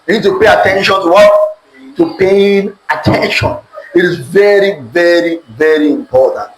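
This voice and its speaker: Nigerian guy preaching to a crowd, kinda high voice, makes them say words back, echoey room w/ a little hiss. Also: moderate pace. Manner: call-and-response, asks audience to repeat words. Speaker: preacher teaching on relationships. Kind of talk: sermon-style teaching to a live audience. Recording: echoey room with faint background noise.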